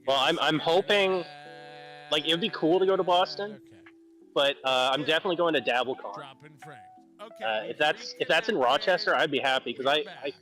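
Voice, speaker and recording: Excitable, swearing man on voice chat. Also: a little high, fairly quick, faint music behind, low-quality recording. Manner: excitable, swears freely, heavy "like" filler. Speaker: friend joining the stream call. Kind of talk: casual chat on a voice call.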